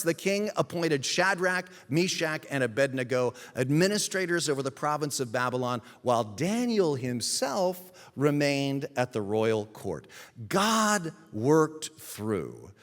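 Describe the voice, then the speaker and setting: A man, the pastor, giving a sermon in an emphatic storytelling manner with dramatic pauses. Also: on the high side, a bit bright, long reverb tail. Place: church sanctuary.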